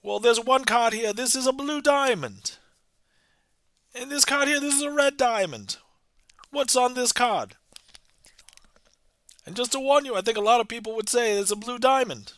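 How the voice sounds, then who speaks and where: A man voicing a fast-talking 1920s card-game huckster in an old-timey radio announcer patter, during live-streamed magic trick patter. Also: very high-pitched, a bit bright, no echo, studio quality, pitched above the performer's own voice. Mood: hustling showman. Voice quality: strained throat.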